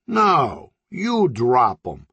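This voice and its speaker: A man voicing a brash male undercover cop who makes slow, combative threats. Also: mid-range voice, huge pitch swings, sharp tone, breathy edge, no echo, dull audio, voice pushed up, heavily acted.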